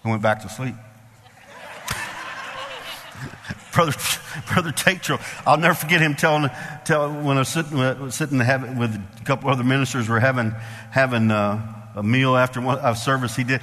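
Emphatic preacher in a reverberant hall. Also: male voice, mid-range voice, steady tone, fairly quick, fairly bright tone, a little hiss or hum. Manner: emphatic, repetitive preaching with call-and-response asides. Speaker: pastor. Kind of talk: sermon.

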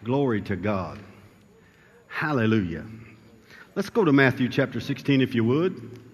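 A man's voice: medium pitch, sing-song, a little slow, slightly rough, in a large hall. A man preaching a sermon. He reads scripture aloud, then preaches with rising emphasis.

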